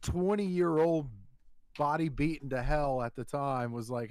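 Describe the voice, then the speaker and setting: Man, casual storytelling, rambling, profane, higher voice, dry close sound. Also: steady tone, unhurried, clean tone, no echo. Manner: profane, rambling, restarts often.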